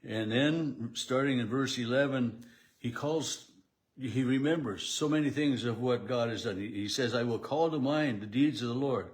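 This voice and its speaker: A pastor talking through a daily Bible devotional in a halting, unscripted way, with frequent restarts and fillers. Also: male voice, mid-range voice. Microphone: camera at home setup.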